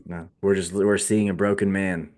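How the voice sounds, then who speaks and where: Low-voiced man with dry humor. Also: level tone, normal speed, a little mellow. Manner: dry, mock-serious joking. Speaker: podcast co-host. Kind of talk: casual chat.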